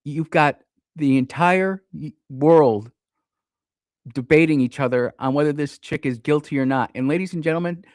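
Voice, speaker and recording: A man's voice: on the high side, normal speed, darkish tone, dry recording, clean studio sound. A man in his fifties hosting a radio talk show, talking in a fired-up, preachy way and speaking straight to his listeners. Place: radio studio.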